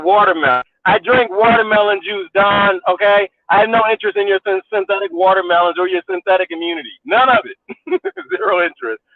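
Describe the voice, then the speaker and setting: A man's voice: high-pitched, dry recording. A man ranting in a casual vlog, mocking and laughing often, repeating his points. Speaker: vlogger. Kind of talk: casual rant to camera. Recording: tinny phone-like dry sound.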